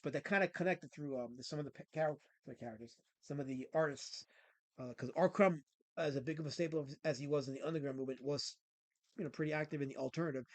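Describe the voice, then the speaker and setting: Higher-voiced man hosting a comics chat. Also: dry recording. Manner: rambling, reads comic strips aloud with filler words. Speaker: host. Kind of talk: casual podcast chat about comics.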